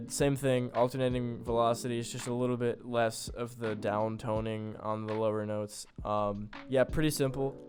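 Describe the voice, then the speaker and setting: A young man casually talking through how he built a beat, loose and full of fillers, poking fun at himself. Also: mid-range voice. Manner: loose, filler-heavy, self-deprecating. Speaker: beat producer. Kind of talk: casual tutorial narration.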